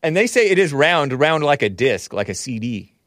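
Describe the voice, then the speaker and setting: A man's voice: a little high, sing-song, normal speed, fairly bright tone, dry recording, studio quality. A man hosting a call-in talk show, rambling and musing aloud while he laughs at his own remarks. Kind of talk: casual call-in show chat.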